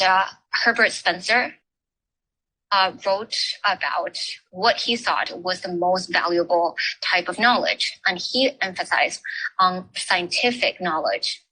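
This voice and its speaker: Slow, halting woman giving an academic talk. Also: fairly low pitch, bright, forceful tone, poor audio. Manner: halting, with frequent filler pauses. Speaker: forum speaker. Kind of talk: academic talk on education history.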